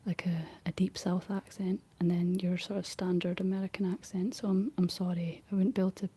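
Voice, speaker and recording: A Scottish woman whispering softly in a rambling ASMR chat, answering her livestream viewers. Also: lowish voice, level tone, fairly quick, husky. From Scotland.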